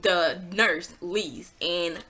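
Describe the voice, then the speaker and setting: A woman telling a personal story in a casual vlog, animated and exasperated, swearing freely and acting out what people said. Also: extremely slow. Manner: acts out quotes with pitch jumps.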